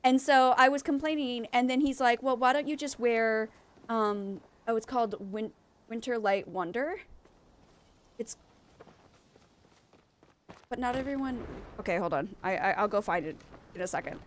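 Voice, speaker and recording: High-voiced woman venting to chat. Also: normal speed, pauses often. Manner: rambling, venting, talks to chat while playing. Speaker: game streamer. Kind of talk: casual chat while gaming.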